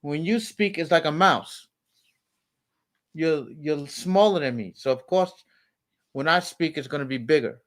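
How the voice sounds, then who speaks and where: A man in a heated family argument as a father, talking in a raised, forceful, lecturing way. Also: a little high, measured pace, pauses often. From United States.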